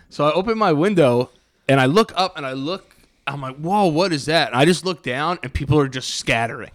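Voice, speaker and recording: A man's voice: on the high side, lively intonation, fairly quick. A young man from New York, co-hosting a podcast, telling a story with lots of swearing and laughter. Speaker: podcast co-host. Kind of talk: casual chat.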